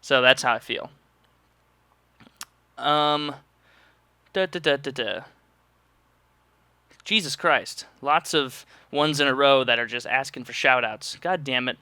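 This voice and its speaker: A man's voice: medium pitch, slow pace, pauses often, bright, forceful tone, clean tone, no echo. A young man vlogging to his viewers, answering their questions in a loose, joking ramble with sarcastic asides. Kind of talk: casual rambling monologue.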